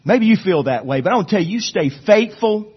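A man preaching a sermon as a pastor, swinging between soft low asides and loud rising exhortation. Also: animated, brisk, husky, lo-fi sound.

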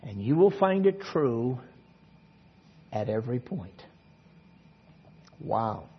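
A man preaching a sermon, telling a story with sudden swings between soft and loud passages, in front of a congregation. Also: medium pitch, sing-song, slow, breathy edge, lo-fi sound. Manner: storytelling with dramatic swings in loudness and pace. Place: church service.

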